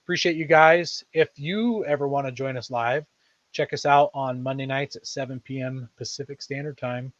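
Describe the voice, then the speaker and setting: A man's voice: mid-range voice, moderate pace, dry recording, lo-fi sound. A man hosting a podcast in casual chat, rambling and thinking aloud as he talks. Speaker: podcast host.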